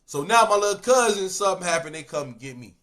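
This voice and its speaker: A man with a Chicago accent spins a street story in loose, slangy talk. His voice sits high and swoops up and down with lots of energy, and he keeps checking in with the listener. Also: fast talker. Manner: animated, slangy, repeats "you know what I'm saying".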